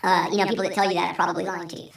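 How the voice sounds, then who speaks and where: A woman hosting a storytelling vlog, talking in an animated, profane, rambling way. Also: lowish voice, rapid-fire, creaky. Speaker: vlog host. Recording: roomy sound, distant from mic.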